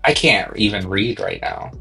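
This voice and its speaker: A man's voice: on the low side, huge pitch swings, moderate pace, creaky, pushed and bright. A tipsy man co-hosting a casual tarot livestream, rambling and full of "you know what I mean", with faint music behind. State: tipsy from drinking. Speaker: tarot reader co-host.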